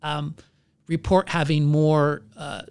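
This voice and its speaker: A man who is a pastor, telling his own story in an earnest, halting way and searching for his words. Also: fairly high pitch, flat delivery, smooth. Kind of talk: candid personal testimony in conversation.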